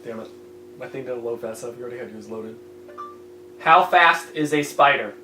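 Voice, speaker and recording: A young man telling rambling, crude stories in casual chat among friends, often yelling out the lines he quotes. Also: mid-range voice, brisk. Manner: rambling storyteller, crude, yells in retold quotes. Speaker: podcast regular. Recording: echoey room with faint hum.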